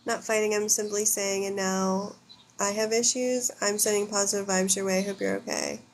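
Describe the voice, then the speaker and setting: A woman's voice: medium pitch, fairly even intonation, moderate pace. Woman in her thirties, American, casual livestream chat, opinionated and profane, light background noise. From United States. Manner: blunt, opinionated, swears freely. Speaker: livestream host. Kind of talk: casual live chat reading comments.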